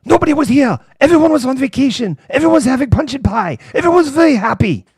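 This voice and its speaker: A man doing a chirpy, high-voiced tour guide. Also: expressive, quick pace, darkish tone, no echo, studio quality. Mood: forced cheer. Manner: high, breathless, forced cheer. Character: overly cheerful male city tour guide.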